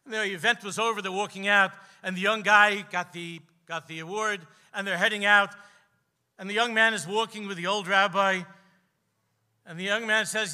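Rabbi preaching live, tells stories slow and heartfelt, goes real quiet on the big lines. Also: male voice, steady tone. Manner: impassioned storytelling, slows for emphasis, drops low and quiet at key lines. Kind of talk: sermon at a gathering. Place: live event hall.

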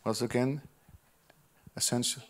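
A pastor preaching a sermon, reading scripture with emphasis, mixing quiet asides with loud, drawn-out lines and chatty "you know"s. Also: male voice, medium pitch, steady tone. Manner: reads scripture aloud with emphasis.

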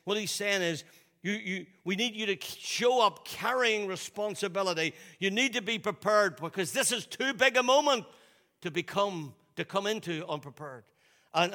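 In a large hall, a sharp-toned male pastor talks through his sermon as if in conversation. He often circles back to repeat or restart phrases, and his voice sinks low whenever he quotes.

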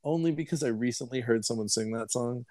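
A man's voice: medium pitch, fast talker, mellow, no echo. Chatty male podcast co-host. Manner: chatty, laughs often, rambles between film titles. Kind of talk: casual chat.

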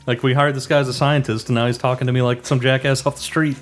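A man's voice: mid-range voice, flat delivery, fast talker, faint music behind. A man co-hosting a casual comedy podcast, chatty and laughing often. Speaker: podcast co-host.

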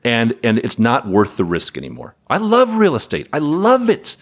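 A man's voice: mid-range voice, wildly swooping pitch, normal speed. A man who runs a property management company, speaking as a podcast guest in a candid, wry way with chuckles. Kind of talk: podcast interview conversation.

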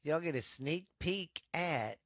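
Speaking a little high and slow with lively intonation, a man with a Texan accent hosts a podcast from a home desk setup. He rambles bluntly through the news in casual chat full of constant swearing. His fairly bright voice comes through clean, studio-quality audio with no room sound.

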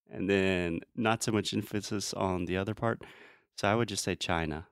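A man hosting a casual English pronunciation lesson, patiently modeling sounds slowly and laughing often. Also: on the low side, animated, no echo, clean studio sound. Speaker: English pronunciation teacher, host.

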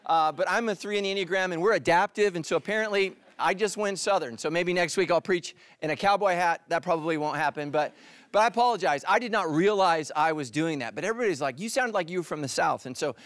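A middle-aged male pastor from California giving a sermon, full of jokes and stories, who drops to a hushed voice for emphasis. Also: high voice, fast, dry recording. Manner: humorous storytelling, drops to hushed tones for emphasis.

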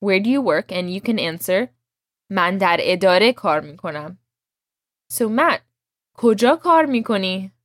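A woman's voice: mid-range voice, expressive, fast, dry recording. Woman teaching a language lesson, dry close sound. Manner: patient, clear explanations, models each word for repeating.

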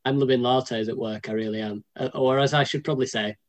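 A man's voice: mid-range voice, steady tone, fast. A man from the north of England co-hosting a casual podcast, rambling and joking and often correcting himself. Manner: rambling, self-correcting, jokey. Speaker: podcast co-host.

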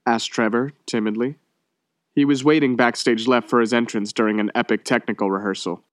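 A man's voice: mid-range voice, steady tone, brisk, no echo. Dry, close-miked male story reader. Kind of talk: audiobook reading.

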